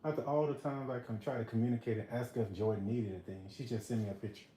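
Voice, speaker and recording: A man in his fifties speaking quietly and briefly, in a low-key way, caught at a distance on a phone held by someone else. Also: steady tone, fast. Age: 50s. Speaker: host's husband. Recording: roomy, distant phone audio with faint rumble.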